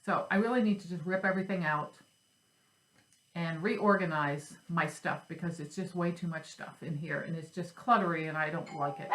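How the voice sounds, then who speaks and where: A woman's voice: lowish voice, moderate pace, roomy sound, noisy background. A woman chatting casually at home about her cross stitch and craft supplies, rambling and joking at herself. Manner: chatty, rambling, self-deprecating. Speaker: flosstube host.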